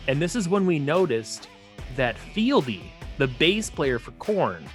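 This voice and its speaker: Young guy, casual podcast storyteller, swears a lot, pitch jumps around, faint music under him. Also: a little slow. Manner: animated, swearing, acts out voices with big pitch jumps. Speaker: podcast co-host.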